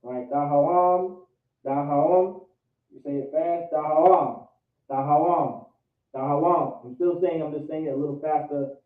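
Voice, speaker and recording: A man's voice: a little high, normal speed. A man teaching a class, drilling vocabulary and pronunciation by repeating each word again and again, with an American accent, over an online call. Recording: tinny, echoey, distant call audio.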